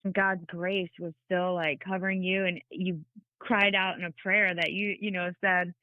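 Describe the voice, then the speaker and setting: A woman's voice: lowish voice, level tone, normal speed, no echo. A woman hosts a faith podcast and speaks in an affirming, encouraging way as she guides her guest. Her voice comes across dry and thin, close to phone-line quality. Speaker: podcast host. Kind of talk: interview, casual chat.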